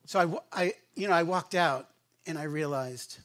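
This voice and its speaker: A man preaching a sermon as pastor, telling a story in a relaxed, conversational way with frequent restarts. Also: a little high, normal speed. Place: church sanctuary.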